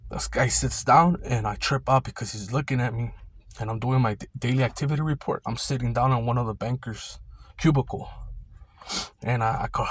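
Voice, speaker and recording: A man's voice: mid-range voice, husky. A young man casually telling a rambling, profane storytime about his old security job, full of street slang.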